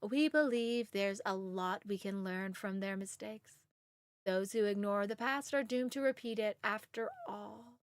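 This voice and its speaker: A woman reading as a calm game villager. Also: mid-range voice, measured pace, no room sound, voice pushed down, lightly acted. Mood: measured. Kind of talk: reading game dialogue aloud.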